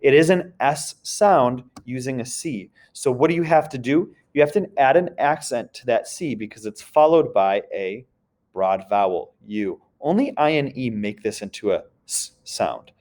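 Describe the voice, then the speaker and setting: A man's voice: medium pitch, lively intonation, normal speed, a little mellow. Man teaching a French lesson. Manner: explains step by step with a repeated check-in question. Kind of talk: recorded classroom grammar lesson.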